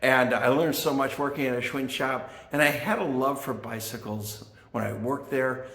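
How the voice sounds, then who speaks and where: A man's voice: medium pitch, moderate pace, fairly bright tone. An older man from the Chicago area hosting a casual vlog about his vintage bicycle collection, chatty and self-deprecating, with fillers and asides. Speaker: vintage bike collector and channel host. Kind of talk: casual show-and-tell vlog. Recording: echoey room with faint guitar music.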